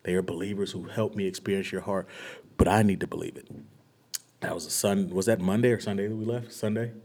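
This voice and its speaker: A young man, a pastor, sharing a personal testimony with a small group in an earnest, searching way, often dropping his voice to a hush. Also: low voice, fairly even intonation, quick pace. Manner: earnest and searching, often dropping to a hushed, near-whispered delivery.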